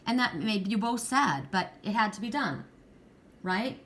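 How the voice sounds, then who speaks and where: A woman's voice: mid-range voice, expressive, unhurried, fairly bright tone. Woman reading oracle cards at home, earnest and reassuring, stumbles and restarts a lot. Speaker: oracle card reader. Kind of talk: pick-a-card reading, speaking to viewers. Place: at home with her dog nearby.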